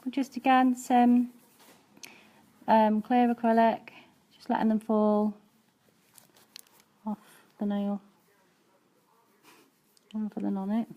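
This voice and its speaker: A woman's voice: on the high side, flat delivery, slow pace, pauses often, dull audio. A woman nail technician and educator giving a chatty, practical live-streamed nail art demonstration, with frequent ums as she works.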